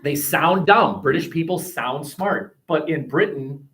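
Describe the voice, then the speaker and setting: Speaking a little slowly in a slightly high, fairly bright voice, an American man teaches history through a webcam. His classroom talk is chatty and digressive, with many false starts.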